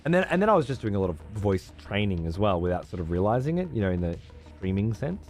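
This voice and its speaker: A man's voice: fairly low pitch, sing-song, fast talker, a little mellow, faint music behind. A man with an Australian accent, hosting a stream in casual, profane chat and laughing often. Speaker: streamer host.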